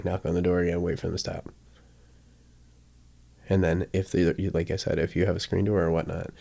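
A man's voice: low voice, level tone, brisk, vocal fry, mellow. A man teaching dog training in a casual, chatty way, often checking in with his listeners and acting out his examples. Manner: acts out examples with sudden bursts.

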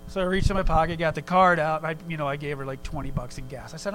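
A man preaching a sermon in a relaxed, conversational way, telling a personal story with quick asides. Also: on the high side, slight background noise, rough recording. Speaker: pastor.

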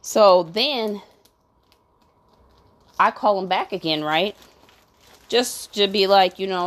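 A woman's voice: mid-range voice, slow pace, long pauses, fairly bright tone. A woman ranting bluntly, swearing constantly and asking "you know what I'm saying?" between fired-up, indignant complaints. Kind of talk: profane venting rant.

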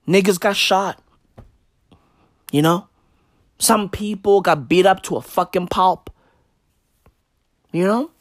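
A man from South Africa doing a satirical comedy monologue in heavy slang, ironic, building to loud outbursts. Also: high-pitched, slow pace, pauses often, no echo, studio quality.

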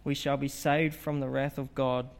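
A man's voice: mid-range voice, flat delivery, moderate pace, creaky. A man preaching an evangelistic sermon in an earnest, emphatic way, asking rhetorical questions.

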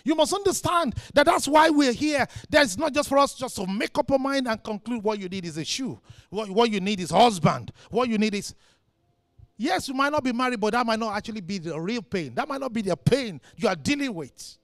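High-voiced impassioned male preacher. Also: lively intonation, fairly quick, no echo, clean studio sound. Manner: impassioned preaching, swings from shouting to quiet. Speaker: pastor. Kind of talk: sermon.

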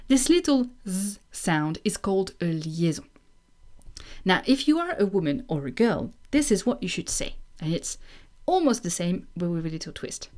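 A woman teaching phrases in a language lesson, slowly modelling each one for learners to repeat, with chatty asides. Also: fairly low pitch, sing-song, darkish tone. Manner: slow, patient, models phrases for repetition. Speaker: French teacher.

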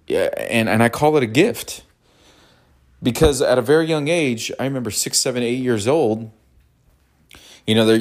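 A man talking in a casual personal monologue, earnest and rambling, often repeating words and restarting his sentences. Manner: animated, jumps high when imitating cartoon voices. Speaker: mental health podcast host.

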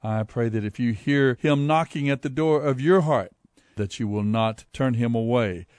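A man's voice: mid-range voice, moderate pace, a little mellow, no echo. Earnest man pleading in a sermon. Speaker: preacher.

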